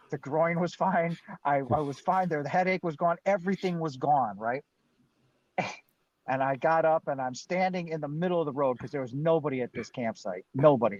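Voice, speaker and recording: Man telling a story with lively acted lines. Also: a little high, no echo. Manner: acts out his own and others' lines in quotes, laughs now and then. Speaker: guest on a live Q&A. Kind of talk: animated personal storytelling. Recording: dull, dry lo-fi stream audio.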